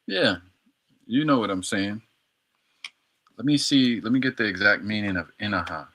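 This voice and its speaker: A man's voice: lowish voice, moderate pace, bright, forceful tone. A man on a casual livestream practicing Arabic words, repeating them over and over in a slangy, playful way. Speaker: streamer learning Arabic.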